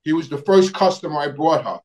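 A middle-aged man tells long stories in a loose, rambling way. He keeps restarting his sentences, trails off, and pauses to dig for names. His speaking voice sits a little on the high side. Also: animated, a little mellow, low-quality recording. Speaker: guest recounting family history. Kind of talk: casual storytelling conversation.

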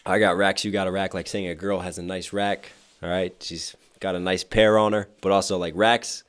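A hoarse man, a rapper, reacting to a song and animatedly explaining its wordplay line by line. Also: low-pitched, little pitch movement, normal speed, a bit bright, slight background noise. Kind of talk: music reaction commentary.

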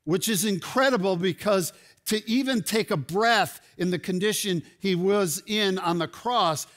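Male pastor, high voice, unhurried sermon delivery with loud animated peaks. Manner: animated preaching, rising to loud exclamations. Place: church sanctuary.

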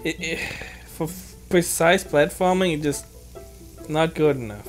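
A woman's voice: low-pitched, unhurried. Exasperated woman swearing through a game. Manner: exasperated, swearing, muttering to herself. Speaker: let's play host. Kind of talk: video game commentary. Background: faint game music.

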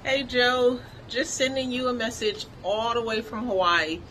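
Bright-voiced woman, relaxed and friendly. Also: on the high side, a little slow, a little hiss or hum, low-quality recording. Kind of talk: casual video message.

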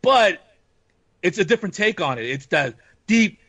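A man in casual podcast chat, animated and laughing often, sometimes slipping into playful quoted voices. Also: sits high, normal speed, no echo. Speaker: podcast guest.

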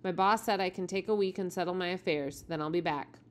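A firm, hurried working father, read by a woman, speaking up a little louder than the story around him. His voice sits low and plain in a storybook read-aloud. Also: natural voice.

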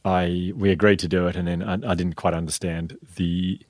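A man's voice: sits low, little pitch movement, moderate pace, no room sound. An Australian man hosting a podcast, telling long self-deprecating anecdotes in a casual chat and sounding tired. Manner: rambling, self-deprecating anecdotes with frequent restarts. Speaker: podcast co-host.

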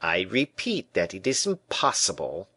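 A prickly old tailor gives curt, stubborn refusals in a slightly raised, clipped voice, as a male narrator puts him on. The reading is dry and close, with a lively swing to the pitch. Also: measured pace, husky, dry recording, full character voice.

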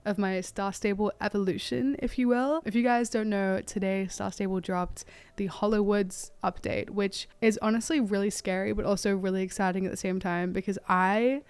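A young Australian woman giving excited, gushing commentary as she plays a horse-riding game, full of "oh my god" and "like". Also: medium pitch, normal speed, clear, resonant tone, no room sound. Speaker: gaming YouTuber. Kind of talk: casual gameplay commentary.

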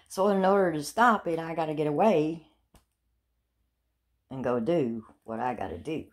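Low, gravelly-voiced woman. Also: moderate pace. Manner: rambling and chatty, with repeated words and self-mocking laughs. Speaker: vlogger. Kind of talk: casual talk to camera. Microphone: handheld phone.

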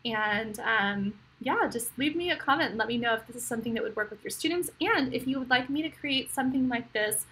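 A woman's voice: a little high, lively intonation, brisk, hardly any pauses, a bit bright, husky, poor audio. A woman speech therapist demonstrating a classroom game in a casual, encouraging tutorial, often checking in with "right?" and "okay?". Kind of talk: casual screen-share tutorial.

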